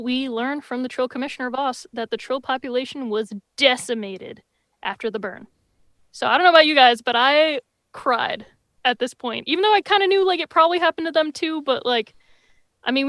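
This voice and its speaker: A woman's voice: sits high, a bit bright, no echo. A woman co-hosting a podcast, chatting casually and expressively in a review, cursing now and then. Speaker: podcast co-host.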